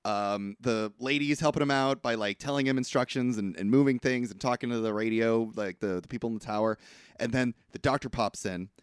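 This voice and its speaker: A man's voice: medium pitch, brisk, clean tone, no echo, studio quality. A man co-hosting a podcast, chatting casually about an old film, laughing often as he retells scenes. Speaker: podcast co-host. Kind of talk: casual film discussion chat.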